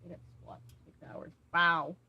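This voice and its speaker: A young woman game streamer with a lowish, expressive voice speaks at a measured pace, and the recording's highs are cut off. She chats casually with viewers and responds to the game as it unfolds.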